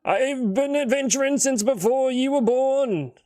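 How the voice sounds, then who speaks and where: A man voicing a blustery old male dwarf warrior in a solo tabletop game, with a gravelly, raised voice. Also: on the high side, unhurried, no echo, clean studio sound. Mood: gruff. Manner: blustery, calls others lad.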